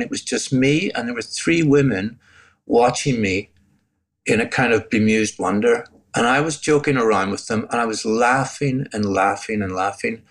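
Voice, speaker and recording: A man in his sixties from Northern Ireland with a Northern Irish accent, a guest telling his faith story in an interview in a reflective, emotional way. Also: medium pitch. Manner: reflective, gets choked up, laughs softly. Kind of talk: interview testimony.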